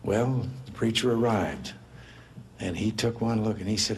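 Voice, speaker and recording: Older man, seventies, lowish voice, folksy joke-telling speech with faint ambience behind. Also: normal speed, a little hiss or hum. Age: 70s. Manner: folksy anecdotal storytelling, lifts voice for quoted characters. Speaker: politician giving speeches. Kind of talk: humorous speech, telling jokes.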